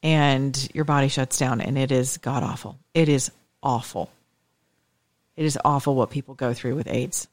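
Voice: medium pitch, steady tone, moderate pace, no room sound. A talk radio host delivering an emphatic, scornful opinion monologue on a close studio mic. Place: Atlanta area.

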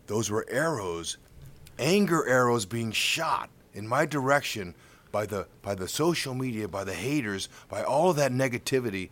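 A man's voice: medium pitch, moderate pace. A middle-aged man, a baseball color commentator, telling stories in a casual interview and acting out the voices of the people in them. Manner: animated, acts out voices in his stories.

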